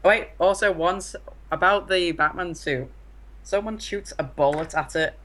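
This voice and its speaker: A man's voice: high-pitched, a little slow, pushed and bright. A man co-reviewing a film in casual chat, giving short, hesitant replies.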